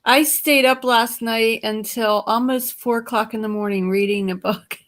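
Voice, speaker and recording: Guest, tired woman, relaxed rambling chat, slightly high voice. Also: moderate pace. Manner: rambling, relaxed, self-correcting. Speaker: guest on a live stream. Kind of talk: casual chat.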